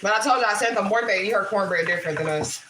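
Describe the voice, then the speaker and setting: This woman speaks fast at a medium pitch, hosting a relaxed livestream while she cooks at home. A spiritual reader by trade, she laughs and swears her way through rambling stories, and the kitchen recording has an echo and faint noise.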